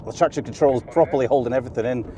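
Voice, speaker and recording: A man presenting a car video, giving excited, chatty commentary from inside a car on a race circuit and often laughing. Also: medium pitch, rapid-fire. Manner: enthusiastic, chatty, breaks into laughter. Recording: loud engine and road noise. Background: car engine and track noise.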